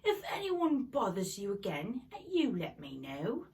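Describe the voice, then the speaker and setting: A woman voicing a kindly female teacher with a British accent, speaking slowly and gently. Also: medium pitch, wildly swooping pitch, vocal fry, voice pushed up, heavily acted. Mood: soothing.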